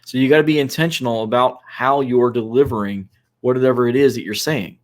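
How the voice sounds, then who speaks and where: A man's voice: mid-range voice, a little fast. A man co-hosting a casual podcast discussion, giving instructive advice with frequent fillers. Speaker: co-host.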